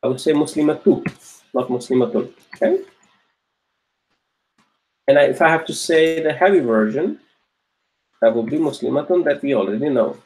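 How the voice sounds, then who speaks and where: A man's voice: a little high, expressive, moderate pace, long pauses, darkish tone. A man teaching an online grammar class, patiently repeating each point and checking that students follow. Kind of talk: online Arabic grammar lesson.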